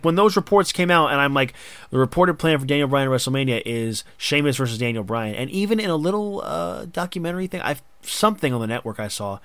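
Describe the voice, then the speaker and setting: Excitable man hosting a dry-sounding podcast. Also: medium pitch, no echo. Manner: excitable, talks in long run-on bursts with restarts. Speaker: podcast host. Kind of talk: casual wrestling chat.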